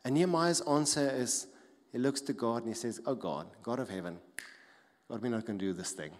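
A man preaching a sermon as pastor, animated, acting out mocking voices with big swings in loudness. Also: medium pitch, a little fast, slight background noise. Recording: long reverb of a large hall.

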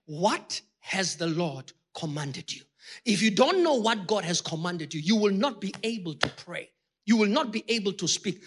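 A man preaching a sermon with passion, talking straight to his congregation and rising to shouted peaks. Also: sits high, animated, moderate pace, breathy edge. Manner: addresses the congregation directly.

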